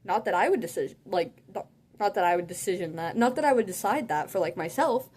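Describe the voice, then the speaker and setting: A teenage girl telling a story in a casual rant, sassy and animated, saying "like" constantly. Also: medium pitch, fast talker, husky. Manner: sassy, animated, heavy use of "like". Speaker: vlogger.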